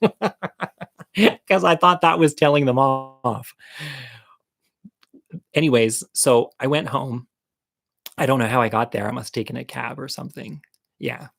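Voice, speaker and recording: A man's voice: medium pitch, steady tone, moderate pace, creaky, long pauses. Campy, candid male storyteller. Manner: campy, candid and self-deprecating; chatty asides to the viewer. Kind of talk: casual comic storytelling monologue.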